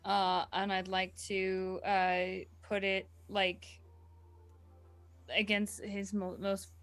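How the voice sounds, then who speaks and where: A woman's voice: medium pitch, completely flat delivery, slow, fairly bright tone, soft background music. A woman playing in a tabletop role-playing game, thinking aloud hesitantly with fillers while describing her character's actions. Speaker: player.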